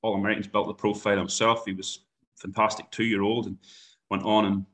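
A young man with an Irish accent talks about his work on a horse stud. His voice sits fairly low but sounds bright and forward. He speaks haltingly, repeating words and filling gaps with ums. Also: little pitch movement. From Ireland. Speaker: stud farm manager. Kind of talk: phone interview chat.

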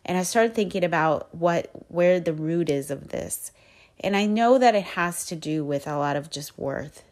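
Soft-spoken and deep-voiced, a woman hosting a podcast talks through her feelings in a candid, reflective monologue. She pauses often as she searches for the right words.

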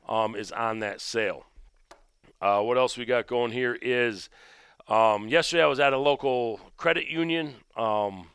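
A man hosting his own podcast, telling a story in a rambling, conversational way and dropping low and quiet when he recounts his own remarks. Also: clean tone, no echo, studio quality. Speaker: podcast host and gun shop owner. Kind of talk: casual storytelling monologue.

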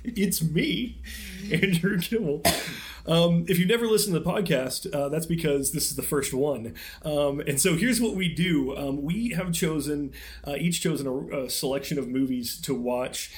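A man's voice: a little high, normal speed. Young male podcast co-host, casual and rambling, filler-heavy, laughs a lot. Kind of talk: casual chat.

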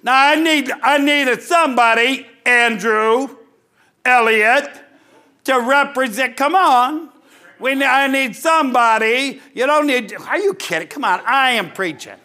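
Preacher guy, real high voice, folksy and jokey, keeps restarting lines. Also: sharp tone. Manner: folksy, joking, halting restarts. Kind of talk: sermon with live illustration.

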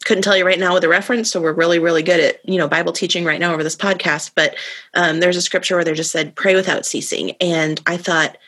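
A woman's voice: on the low side, steady tone, fast talker, fairly bright tone. A woman co-hosting a faith podcast, chatting casually and rambling as she searches aloud for the right words. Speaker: podcast co-host.

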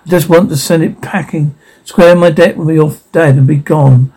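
A man's voice: on the high side, steady tone, normal speed, mellow, slightly rough, poor audio. A man playing a curt, cryptic middle-aged occult investigator in an amateur audio drama.

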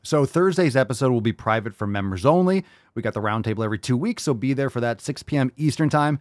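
Speaking fast at a medium pitch, a male podcast host reads viewer comments aloud during a casual livestream, full of animated, foul-mouthed, sarcastic humor. The audio is studio quality with no room sound.

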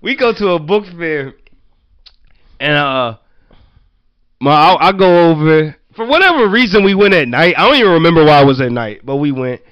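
A man's voice: a little high, expressive, moderate pace, clean tone, no room sound, dull audio. Loose-talking man telling profane stories. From Virginia, US. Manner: loose, profane, laughing anecdotes with many "like" fillers. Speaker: storyteller. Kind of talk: casual storytelling chat.

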